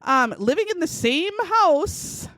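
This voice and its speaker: Woman podcast co-host, lively pitch, dry close sound, swears freely when outraged. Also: takes it slowly, no echo. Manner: outraged, profane, animated storytelling. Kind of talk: casual true-crime chat.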